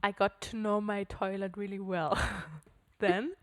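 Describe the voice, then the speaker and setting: A woman's voice: medium pitch, flat delivery, measured pace. A young woman with German as her first language, co-hosting a casual podcast chat in English and often searching for words. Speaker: podcast co-host.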